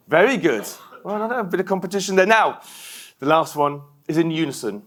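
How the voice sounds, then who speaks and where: A middle-aged man delivers a motivational keynote and rallies the audience into call-and-response. His voice sits a little higher than most men's, and his delivery is lively and animated. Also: a little fast, some chatter behind, a little hiss or hum. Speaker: keynote speaker.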